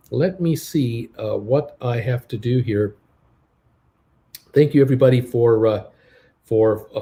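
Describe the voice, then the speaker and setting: A man's voice: fairly high pitch, a little mellow. An older man hosting a live stock market stream, flustered and muttering to himself as he hunts for a message, thanking donors in a casual chat. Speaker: stock market livestream host.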